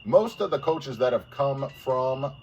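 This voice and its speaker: A man's voice: medium pitch, animated, measured pace, darkish tone. Joking podcast co-host, a man. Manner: joking, blunt, swears casually. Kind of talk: casual sports podcast chat. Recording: distant mic with faint background noise.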